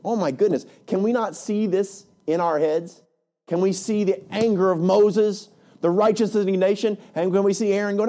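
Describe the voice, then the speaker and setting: Pastor, man, chatty and animated delivery, warm-toned, leans on "right?". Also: high voice, normal speed. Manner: animated, conversational, frequent "right?". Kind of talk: sermon.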